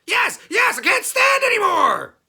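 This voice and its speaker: A man voicing a big, fat, greedy male goblin in a storybook reading, given to shouting and wailing. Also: sits high, wildly swooping pitch, drawn-out words, creaky, pitched above the performer's own voice, full character voice. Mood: panicked.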